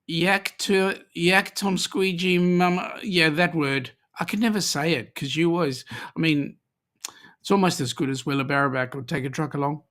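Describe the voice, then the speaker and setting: A man's voice: on the high side, fairly even intonation, moderate pace, a bit bright. A middle-aged Australian man hosting a casual live-stream chat, joking and reading viewers' comments aloud. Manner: chatty, jokey, reads comments aloud.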